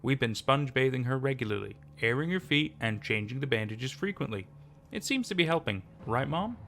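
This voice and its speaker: A middle-aged mother in stubborn denial, defensive and scolding, in a storybook horror tale, read by a male narrator. Her lines come in a creaky, gravelly voice at a middle pitch. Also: lively intonation, a little fast, a bit bright, slight background noise. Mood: matter-of-fact.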